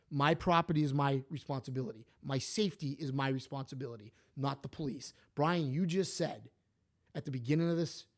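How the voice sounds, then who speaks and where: A man, co-hosting a podcast, telling stories and opinions in an animated, emphatic way. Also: a little high. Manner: animated, emphatic, repeats himself. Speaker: podcast co-host. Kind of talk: casual opinionated storytelling.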